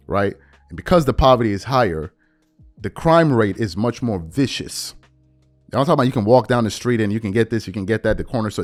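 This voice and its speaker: A man talking casually about basketball on his vlog, getting loud and emphatic as he argues his point. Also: mid-range voice. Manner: animated, gets loud and emphatic when riled. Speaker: basketball commentary vlogger. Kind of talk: casual commentary monologue. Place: lives in Nigeria now.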